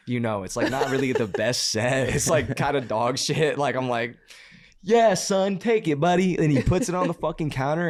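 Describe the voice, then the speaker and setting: A man telling a story as a podcast guest, in a casual, animated way, swearing and laughing as he talks. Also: mid-range voice, no room sound, clean studio sound. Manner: animated, profane, laughs mid-sentence.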